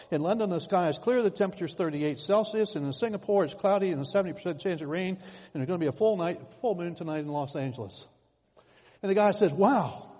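A man's voice: on the high side, darkish tone, big-room sound. A man preaching a sermon, telling stories with sudden emphatic swells. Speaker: pastor.

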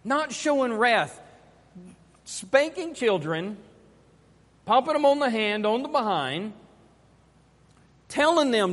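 High-voiced man preaching in a reverberant hall. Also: very animated, takes it slowly, pauses often, a bit bright. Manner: emphatic, repeats key phrases. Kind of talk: sermon.

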